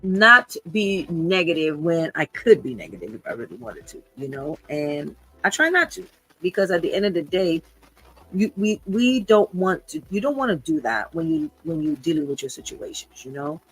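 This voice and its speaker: A woman's voice: lowish voice, big pitch swings, normal speed, a bit bright, breathy edge, rough recording. A woman in her fifties hosting an unscripted livestream podcast, talking in an earnest, emotional way and often repeating herself. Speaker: podcast host.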